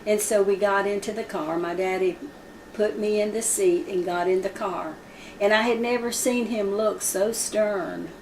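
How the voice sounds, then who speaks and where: A woman's voice: mid-range voice, steady tone, measured pace, darkish tone, slight background noise. Woman storyteller, roomy distant sound. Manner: vivid, acts out quoted speech. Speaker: Bible study teacher. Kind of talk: storytelling in a Bible lesson.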